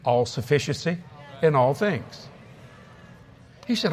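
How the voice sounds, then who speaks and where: A man's voice: fairly high pitch, fairly quick, a little hiss or hum. A man preaching a sermon at a convention, telling funny stories with laughing asides. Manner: storytelling, laughing, lively asides. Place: convention hall.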